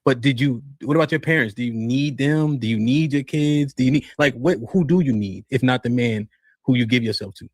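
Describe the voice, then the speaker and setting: A man's voice: mid-range voice, brisk, dry recording, studio quality. Insistent man pressing a guest with questions. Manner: presses the guest with repeated questions and stumbling restarts. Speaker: podcast host questioning a guest. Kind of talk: debate on a podcast panel.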